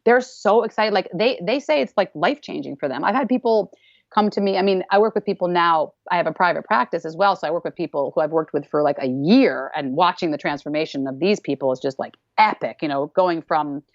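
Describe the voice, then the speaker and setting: A woman's voice: lowish voice, animated, a little fast, dry recording. A woman dance teacher talking in a casual interview, emphatic and repeating phrases for weight. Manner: emphatic, repeats phrases, acts out people's voices. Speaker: dance teacher, podcast guest. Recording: dull, slightly lo-fi, dry sound.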